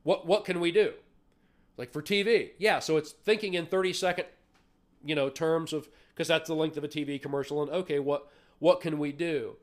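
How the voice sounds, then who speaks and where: Interview guest, man, somewhat high-pitched, loose rambling storyteller. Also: a little fast. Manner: rambling storyteller, lots of restarts. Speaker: interview guest, artist and puppet builder. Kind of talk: casual interview chat.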